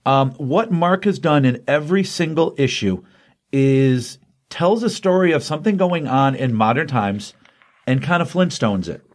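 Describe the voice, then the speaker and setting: A man's voice: fairly high pitch, lively intonation, measured pace. A man casually recapping a comic book issue, chatty and rambling, often acting out the characters' lines. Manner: chatty, rambling, acts out quotes.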